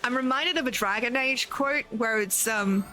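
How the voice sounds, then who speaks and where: A woman's voice: a little high, normal speed, pushed and bright, faint music behind. An Australian woman chatting casually to viewers on a live game stream, swearing freely and thanking viewers as she plays. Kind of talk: casual live-stream chat while gaming.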